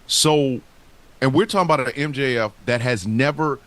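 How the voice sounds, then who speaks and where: A man's voice: mid-range voice, normal speed, fairly bright tone. A man co-hosting a casual wrestling talk show, speaking in a heated, profane and emphatic way. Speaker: podcast co-host.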